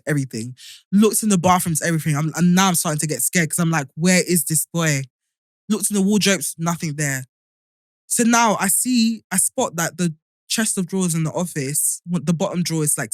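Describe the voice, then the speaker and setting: A woman, a podcast co-host, telling a story in an animated way and often laughing in casual chat. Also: deep voice, no echo, clean studio sound.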